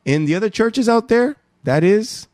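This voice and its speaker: Emphatic preacher man, higher voice. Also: lively intonation, normal speed, dry recording, clean studio sound. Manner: emphatic, swinging between soft asides and raised exhortations. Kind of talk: sermon.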